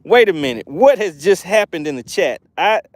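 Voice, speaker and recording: Excitable man hosting a fishing stream. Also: high-pitched, moderate pace, dry recording. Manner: excitable, exclaiming often; chatty and promotional. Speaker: fishing livestream host. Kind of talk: live stream commentary, reading chat aloud.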